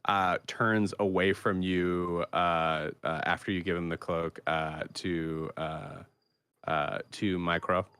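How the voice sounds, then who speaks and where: A young man narrating as game master, describing scenes haltingly with many fillers. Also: low-pitched, fairly even intonation, fairly bright tone, clear, resonant tone, no echo.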